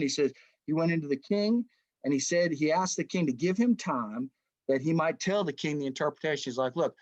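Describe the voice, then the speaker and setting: A man leading a casual Bible study, telling stories in an animated, conversational way and often saying "man". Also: fairly high pitch, dry recording. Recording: dull dry lo-fi recording.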